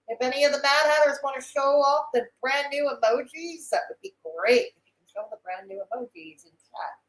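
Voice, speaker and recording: A woman's voice: fairly high pitch, rough recording. A woman hosting a casual livestream, reading chat aloud, greeting viewers by name and trading sarcastic remarks. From Canada.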